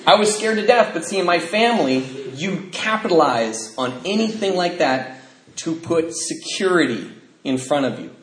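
A man tells his life story in a personal testimony, candid and rambling, with fillers and nervous laughs. His voice sits a little high for a man. The recording is roomy and echoey. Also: expressive, moderate pace, slight background noise. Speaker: speaker sharing a personal testimony.

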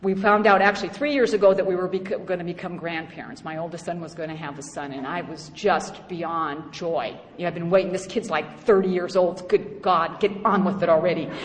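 A middle-aged woman giving a personal testimony at a recovery meeting. She tells it in an animated, humorous way and acts out other voices. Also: fairly low pitch, brisk, hardly any pauses. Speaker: speaker sharing her story at a recovery meeting. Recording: echoey hall with faint background noise.

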